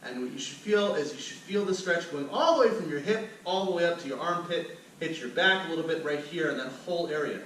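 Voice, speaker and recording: A man's voice: fairly high pitch, a little fast, few pauses, fairly bright tone, a little hiss or hum. A man as a fitness instructor, talking the viewer step by step through cool-down stretches as he demonstrates them. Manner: upbeat, talks the viewer through each step while demonstrating. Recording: very echoey room, mic at a distance.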